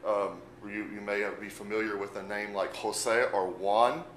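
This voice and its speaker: Slow, patient man teaching in an echoey room. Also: lowish voice, fairly even intonation, fairly bright tone, a little hiss or hum. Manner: slow, patient, spells words letter by letter. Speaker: Spanish teacher. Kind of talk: unscripted language lesson.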